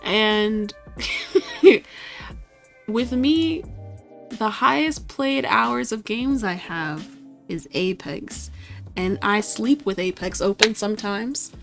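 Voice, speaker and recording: A woman's voice: medium pitch, slow pace, creaky, a bit bright, faint music behind. A woman streaming herself at her computer, chatting casually to herself and getting exasperated and swearing at the game. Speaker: gaming streamer. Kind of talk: casual chat while playing a computer game.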